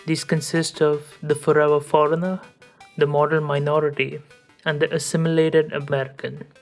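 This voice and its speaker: A woman podcast host reading a scripted essay in a measured, academic way. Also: low voice.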